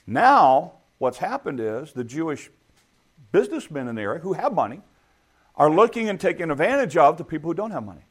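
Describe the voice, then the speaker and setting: Conversational preaching man, rather high voice. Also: big pitch swings, brisk, slightly rough. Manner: conversational preaching with rhetorical questions. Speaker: pastor. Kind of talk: sermon.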